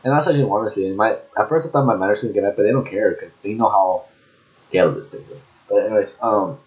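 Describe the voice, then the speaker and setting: Rambling young man, lo-fi audio. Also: fairly low pitch. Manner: rambling, halting with many restarts and fillers. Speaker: vlogger. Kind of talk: casual storytelling. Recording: dull lo-fi audio.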